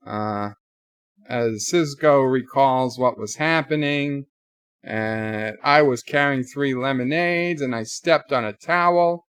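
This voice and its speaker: Slow, dry-voiced man retelling a show. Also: medium pitch, fairly bright tone, dry recording. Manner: casual plot retelling with quoted lines and asides. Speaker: show reviewer. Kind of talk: live reaction commentary.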